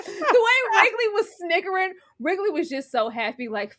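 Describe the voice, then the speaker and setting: A woman's voice: very high voice, very animated, normal speed, fairly bright tone. A woman hosting a live TV recap, retelling scenes animatedly with acted-out quotes and laughter. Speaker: podcast host.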